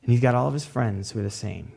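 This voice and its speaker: A man's voice: mid-range voice, fast, vocal fry, warm tone. A man pastor preaching a sermon in a loose, conversational way, dropping casual fillers.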